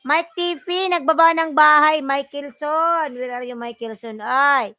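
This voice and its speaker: A woman with a Filipino accent hosting a casual livestream, reading viewer comments and calling out loud shout-outs in English and Filipino. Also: high voice, normal speed, dry recording, faint music behind. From Philippines. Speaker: livestream vlogger.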